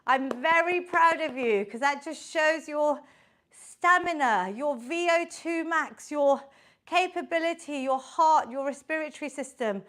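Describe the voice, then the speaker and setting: Woman fitness instructor with a high, unhurried voice, upbeat and encouraging as she counts reps for an online class. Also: a bit bright. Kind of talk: live online workout instruction.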